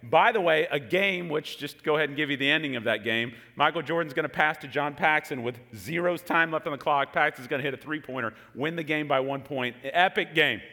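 A man's voice: on the high side, brisk, few pauses. A man in his forties, raised in Texas, preaching a sermon and telling a story with jokes to the congregation. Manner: animated storytelling with jokes to the room. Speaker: pastor. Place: large hall with an audience. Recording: long hall reverb.

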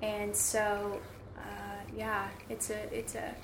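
A woman's voice: mid-range voice, slow, vocal fry, background noise. Chatty woman in an echoey room. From United States. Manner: animated, chatty, many fillers. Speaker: guest. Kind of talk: conversational storytelling.

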